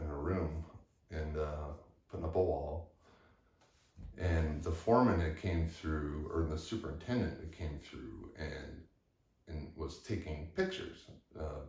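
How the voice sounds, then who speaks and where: Deep-voiced man, candid and halting. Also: darkish tone. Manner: candid, halting, with frequent restarts. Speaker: vlogger. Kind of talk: personal storytelling. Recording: echoey room, far from mic.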